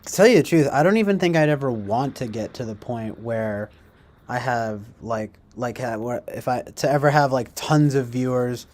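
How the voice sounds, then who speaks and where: A livestream host chats casually, rambling and joking as he reads viewer comments aloud in mock voices. His medium-pitched voice is animated and darkish in tone, at a normal speed.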